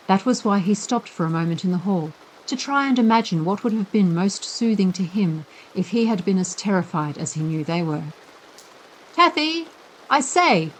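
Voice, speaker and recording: Gentle woman narrating a bedtime tale. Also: medium pitch, slight background noise, poor audio. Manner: slow, gentle, soothing.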